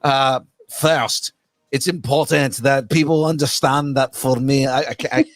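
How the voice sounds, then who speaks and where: A man's voice: medium pitch, fairly even intonation, a little slow, dry recording. A man co-hosting a casual podcast, reading news aloud and goofing around with silly voices. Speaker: podcast co-host.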